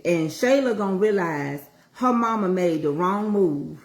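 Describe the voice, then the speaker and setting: A woman's voice: lowish voice, animated, unhurried, few pauses, darkish tone. A middle-aged woman chatting casually in a livestream while she cooks in her home kitchen, folksy and motivational. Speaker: vlogger. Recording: echoey kitchen with frying sizzle.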